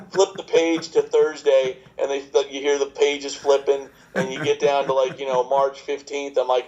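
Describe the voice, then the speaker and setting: A man's voice: mid-range voice, fairly even intonation, a little fast, darkish tone. Man, fifties, rambling podcast guest, jokey, stumbles and restarts, slightly muffled lo-fi audio. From New York. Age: 50s. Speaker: chiropractor guest. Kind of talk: casual podcast interview.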